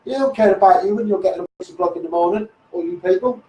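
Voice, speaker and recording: A man's voice: high voice, racing, mellow, echoey room, distant mic, poor audio. A man with a Scouse accent in a blunt, rambling live stream rant, repeating "mate" and "you know what I mean". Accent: Liverpool (Scouse). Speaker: local campaigner on a live stream. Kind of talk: ranting live stream monologue.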